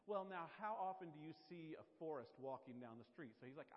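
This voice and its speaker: A male pastor preaches in a chatty, joking way, often turning to his congregation with questions. His voice sits a little high for a man. The sound is somewhat dull and rings with a long hall echo. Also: expressive, fast talker, hardly any pauses. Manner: conversational, jokey, addresses the audience. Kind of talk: sermon.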